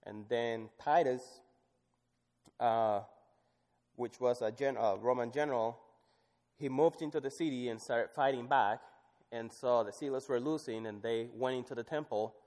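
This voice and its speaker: A man's voice: mid-range voice, unhurried. Man preaching in a reverberant hall. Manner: swings from loud emphatic scripture reading to soft, hushed asides. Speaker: pastor. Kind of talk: sermon.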